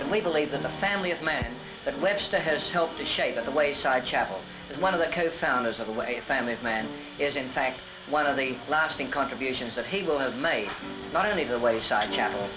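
A man speaks in a calm, measured documentary interview voice, pausing on small hesitations. His pitch sits in the middle. Music plays clearly beneath him. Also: muffled recording. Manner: measured, thoughtful, with hesitant fillers. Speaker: interviewee, chapel associate.

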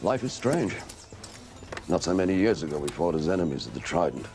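A dignified old knight, with a very deep and mellow voice. He speaks slowly and gravely over soft music. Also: very animated. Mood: reflective.

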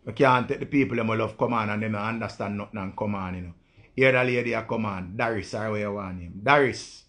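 A man with a rough, gravelly Jamaican voice, holding forth to his stream viewers in a loose, unscripted monologue. He talks bluntly in patois, swears freely and circles back to his points. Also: fairly low pitch, brisk, fairly bright tone. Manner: blunt, profane ranting in patois. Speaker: live-stream host.

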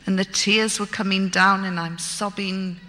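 A woman recounts a gripping personal story, vivid and self-mocking in her wit. She speaks slowly, with a strikingly bright, forceful tone. Her voice carries a long reverb, as if she were in a large hall. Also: medium pitch, level tone. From Britain.

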